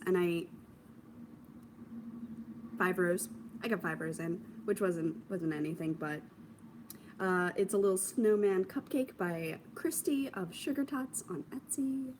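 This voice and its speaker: A young woman talks her way through her knitting projects in a loose, self-amused chat, slipping into quiet asides now and then. Her pitch sits in a middle range for a woman. A faint background hum runs under her voice. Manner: chatty, self-amused, trails into soft asides. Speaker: knitting podcast host. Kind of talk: casual show-and-tell chat to camera.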